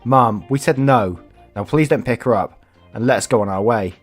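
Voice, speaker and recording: A man's voice: medium pitch, moderate pace, soft background music, close to an everyday voice. Man doing a firm, protective young father.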